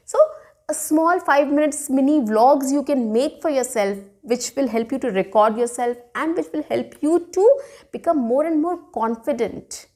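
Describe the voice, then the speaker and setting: A woman teaches spoken straight to camera. She smiles and talks expressively. She keeps checking in with "okay" and "you know.". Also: high-pitched. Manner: frequent "okay" and "you know" fillers, demonstrates intonation with example sentences; smiling and expressive while speaking. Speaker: English teacher. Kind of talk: speaking lesson to camera.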